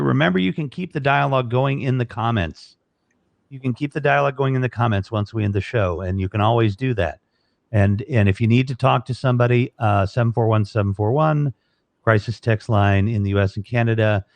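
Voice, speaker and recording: A man with a gravelly, fry-edged voice hosts a live online talk show. He rambles through his sign-off, grateful and joking, close to a studio microphone in a dry, dead-sounding room. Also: mid-range voice, no room sound. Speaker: show host. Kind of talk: casual live-stream sign-off chat.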